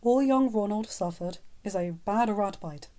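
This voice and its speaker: Woman voicing a grave old wizard headmaster, slow, soothing, calm, storybook reading. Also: mid-range voice, natural voice.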